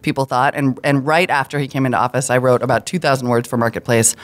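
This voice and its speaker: A woman guest on a tech news roundtable, talking quickly in long explanatory runs with plenty of asides. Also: very deep voice. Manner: fast, animated explainer with asides. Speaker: guest commentator. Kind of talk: casual roundtable chat.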